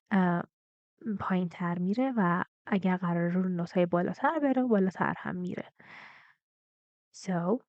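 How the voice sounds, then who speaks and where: A woman's voice: on the low side, darkish tone, no echo. Woman teaching pronunciation, dry muffled sound. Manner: slow, drawn-out model sentences with exaggerated intonation; rapid explanations between examples. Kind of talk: bilingual pronunciation lesson.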